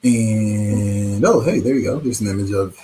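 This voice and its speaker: A man chatting and laughing as a panelist in a casual online game night, lively in his banter. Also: fairly low pitch, unhurried, slight background noise. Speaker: show co-host and panelist. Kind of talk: casual game chat over video call.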